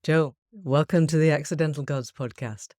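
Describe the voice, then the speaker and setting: A woman's voice: low voice, normal speed, mellow, dry recording, clean studio sound. A woman hosting a podcast, interviewing her guest in a friendly, teasing way. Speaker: podcast host. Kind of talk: casual interview chat.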